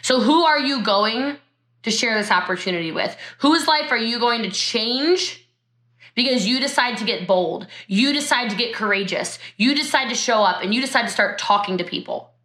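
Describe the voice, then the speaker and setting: A woman's voice: fairly high pitch, lively intonation, moderate pace, bright, forceful tone, echoey room. A woman giving a motivational talk on network marketing over a video call from her home, emotional and laughing as she speaks straight to her viewers.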